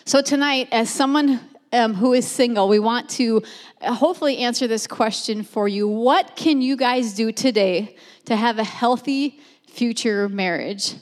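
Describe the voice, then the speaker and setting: A woman's voice: on the high side, a little slow. Earnest woman speaker praying in a hall. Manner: earnest, prays in repeated invocations. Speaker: guest speaker. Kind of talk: talk and prayer to a youth group.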